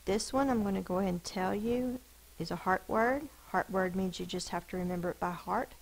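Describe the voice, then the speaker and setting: Slow, gravelly-voiced woman teaching phonics. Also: lowish voice, low-quality recording. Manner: slow, deliberate sounding out of words. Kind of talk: phonics spelling lesson.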